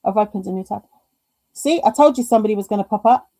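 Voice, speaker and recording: A woman's voice: mid-range voice, fast, mellow, dry recording. A British woman hosting a live craft stream, chatting casually, reading viewer comments aloud and talking to herself through technical hiccups. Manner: chatty, reads chat aloud, talks to herself through tech glitches.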